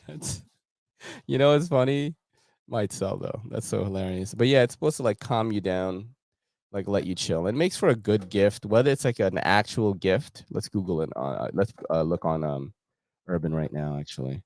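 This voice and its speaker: A man's voice: low voice, moderate pace, darkish tone, no echo, clean studio sound. A young man hosting a casual gear show, chatting in laid-back slang while browsing a website and laughing often.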